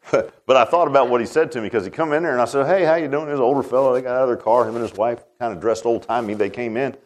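Folksy man preaching a sermon. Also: fairly high pitch. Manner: folksy, emphatic preaching with frequent "huh?" asides. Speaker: pastor.

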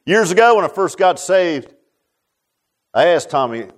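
A man's voice: high-pitched, very animated, unhurried. An older man telling a personal story in a sermon, folksy and repetitive, leaning on filler like "man". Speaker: preacher.

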